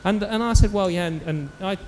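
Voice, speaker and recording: A man preaching a sermon in church, telling a story with lively acted-out quotes. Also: sits high, brisk, in a large hall, a little hiss or hum. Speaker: pastor.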